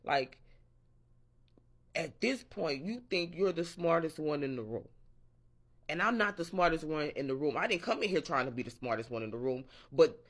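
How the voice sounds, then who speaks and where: In a casual morning-rant vlog, a man with a fairly high, expressive, fairly bright voice talks at normal speed. He rambles, swears, and interrupts himself, quoting imagined people in a raised voice.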